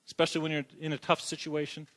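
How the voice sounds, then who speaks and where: A man's voice: on the high side, completely flat delivery, fast talker, fairly bright tone. A man preaching a sermon in a church who keeps asking the congregation questions and joking as he goes. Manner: asks the congregation questions, jokes as he talks. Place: church sanctuary.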